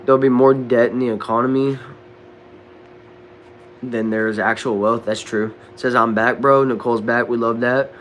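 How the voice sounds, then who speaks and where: Young Southern man, livestream host, casual drawl, mid-range voice, low hum in the room. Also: fairly even intonation, moderate pace. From Texas. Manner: laid-back, drawling, says bro and dude a lot. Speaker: livestream host reading chat. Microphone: desk microphone.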